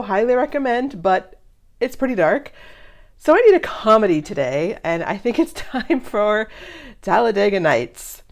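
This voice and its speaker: A middle-aged woman talks through a movie reaction in a casual, chatty way, laughing often. Her pitch moves around a lot as she reacts. She sounds like a relaxed host speaking to her viewers.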